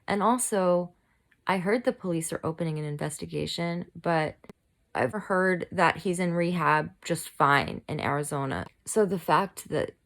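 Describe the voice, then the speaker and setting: A woman commentary vlogger with a low, gravelly voice rants in a heated, fired-up way, shaking with anger. She's delivering angry personal commentary from a poorly lit room at home.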